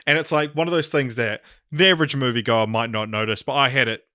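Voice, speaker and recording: A man's voice: mid-range voice, quick pace, bright, forceful tone, no echo, studio quality. A man co-hosting a casual film review podcast, rambling with lots of fillers and laughing at his own points. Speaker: podcast co-host.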